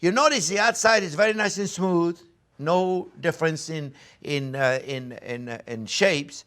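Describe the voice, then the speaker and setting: A man's voice: fairly high pitch, unhurried, a bit bright, clear, resonant tone. An older man hosting a cooking demonstration, enthusiastic and coaxing, talking straight to viewers as his friends. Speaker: chef and cooking show host.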